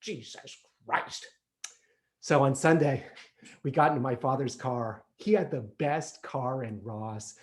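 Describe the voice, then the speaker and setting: A man performing an autobiographical solo theatre monologue in an animated, comic storytelling way. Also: mid-range voice, unhurried.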